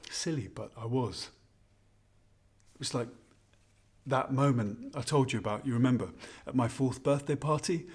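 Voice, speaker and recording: A man's voice: mid-range voice, slightly rough. An actor performing a scripted monologue as a husband who fondly and ruefully reminisces while toasting his wife on their anniversary. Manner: intimate, confiding, rambling reminiscence. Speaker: narrator of a spoken monologue.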